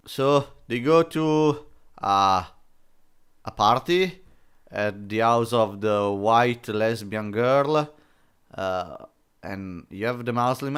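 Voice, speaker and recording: Slow, sarcastic man reviewing a comic. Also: fairly low pitch, very animated, clear, resonant tone. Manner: mocking, dismissive, many fillers and restarts. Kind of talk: sarcastic commentary.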